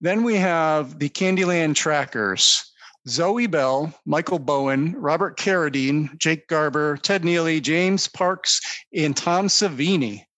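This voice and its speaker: A man's voice: on the high side, takes it slowly, a bit bright, no room sound. A man co-hosting a casual movie podcast, methodically walking through the cast and production notes. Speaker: podcast co-host.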